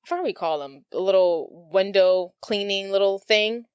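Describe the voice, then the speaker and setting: A woman's voice: medium pitch, moderate pace, smooth, no room sound. Chatty woman retelling a movie plot. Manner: animated storyteller, acts out quotes, lots of "like". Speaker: podcast co-host.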